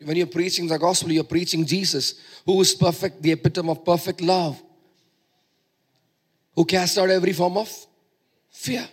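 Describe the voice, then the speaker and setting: A male preacher delivering a sermon in a somewhat high voice. He is emphatic and drives his points home by repeating phrases. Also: fairly even intonation, moderate pace, pauses often, breathy edge.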